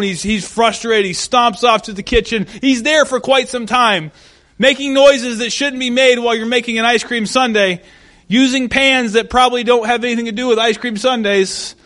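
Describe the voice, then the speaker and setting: High-voiced young male pastor. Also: moderate pace, fairly bright tone. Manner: enthusiastic, storytelling. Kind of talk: sermon.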